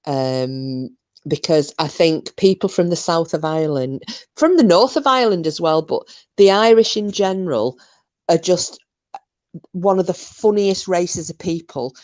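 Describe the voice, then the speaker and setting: A woman with a notably low voice talks loosely to her live chat. She rambles from one thought to the next, doubling back on her words. It sounds like a relaxed home stream on a computer mic. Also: measured pace. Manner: chatty, rambling, many restarts and fillers. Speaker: livestream host. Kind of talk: casual chat with live viewers.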